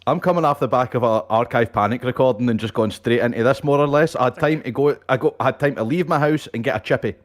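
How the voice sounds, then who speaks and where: A man's voice: medium pitch, fast talker, few pauses. A man co-hosting a podcast in casual chat, swearing freely and laughing often. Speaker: podcast co-host.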